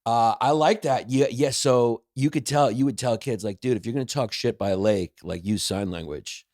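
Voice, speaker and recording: A man in his forties, a comedian guest on a podcast, telling stories with quick joking riffs. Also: mid-range voice, a little mellow, no echo, clean studio sound. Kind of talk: casual storytelling chat.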